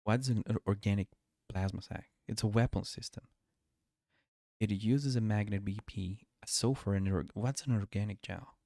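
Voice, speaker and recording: Recorded dry and at studio quality, a man with a lowish, creaky, warm voice talks at normal speed. He's a game streamer from Brazil whose first language is Portuguese, sleepily chatting through casual commentary and cutting sentences short over faint game music.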